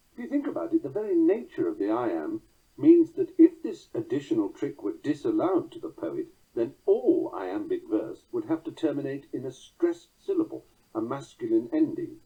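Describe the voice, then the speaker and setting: A man reading a book on poetry aloud, measured, chanting verse rhythms and reciting quotations slowly. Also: on the low side, big pitch swings, slightly rough. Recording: tinny phone-like sound.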